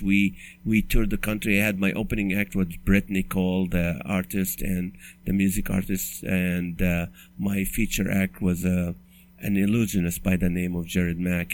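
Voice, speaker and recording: A middle-aged comedian from the Middle East tells a long personal story in a fairly low voice. He slips in jokes as he goes and often breaks off to start a sentence again. He hosts the show himself. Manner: conversational, joke-laced, frequent restarts. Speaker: comedian and podcast host. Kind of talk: storytelling monologue.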